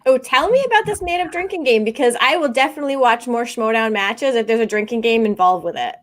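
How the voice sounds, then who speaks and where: Woman guest, playful, very animated pitch. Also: fast talker. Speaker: podcast guest. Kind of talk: casual podcast chat.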